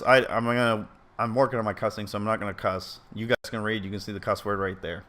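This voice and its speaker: Fast and sharp-toned, a video commentator with a voice on the low side keeps a level delivery as he reads an article aloud and comments casually. He comes across as earnest and opinionated, rambling, and he often stumbles and then corrects himself.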